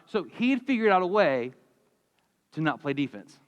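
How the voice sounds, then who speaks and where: A man in his forties preaching a sermon, telling stories in a lively, conversational way with humor. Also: high voice, a little slow, pauses often, long reverb tail, some chatter behind. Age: 40s. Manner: animated storytelling, conversational with humor. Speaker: pastor. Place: church sanctuary.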